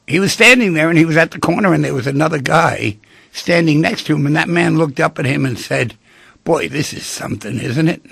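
A man hosting a radio talk show, telling stories in an animated way and acting out the people he quotes. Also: on the high side, brisk, no echo. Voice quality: gravelly, husky voice. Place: radio studio.

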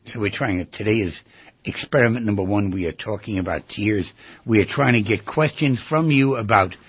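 Gravelly husky man hosting radio talk. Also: fairly low pitch, moderate pace, dry recording, dull audio. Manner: rambling, conversational, repeats phrases. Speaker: radio show host and psychotherapist. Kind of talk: radio talk show monologue.

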